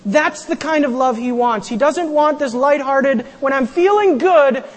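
A pastor preaching a sermon in a church, animated, acting out quotes and raising the voice for emphasis. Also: high voice, unhurried. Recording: long hall reverb.

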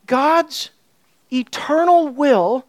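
A woman's voice: animated, very slow, dry recording, studio quality. A woman preaching a sermon, emphatic and questioning her listeners, her voice rising when she stresses a point. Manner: emphatic, asks the audience questions; rises loud and high when stressing points.

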